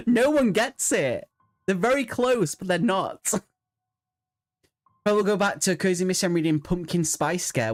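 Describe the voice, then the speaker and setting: A man's voice: high-pitched, very animated, unhurried, faint music behind. Giggly man hosting a book stream. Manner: playful and giggly, putting on silly voices. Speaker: book channel host. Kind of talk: casual livestream chat.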